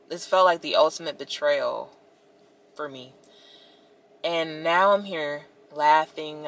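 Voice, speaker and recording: Bright-voiced young woman venting to viewers. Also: low-pitched. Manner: expressive, talks to viewers directly, many "like"s. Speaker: vlogger. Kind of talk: casual storytime vlog.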